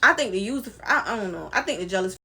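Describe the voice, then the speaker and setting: Young woman, storytime vlogger, animated and emphatic, slangy casual talk, camera mic. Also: mid-range voice, fast.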